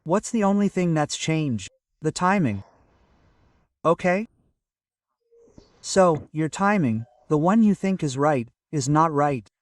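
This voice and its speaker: A man's voice: on the high side, lively intonation, slow, pauses often, no room sound, studio quality, distant mic. A man giving an earnest, casual motivational talk to camera and often checking in with "okay?". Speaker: motivational vlogger. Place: at home early in the morning.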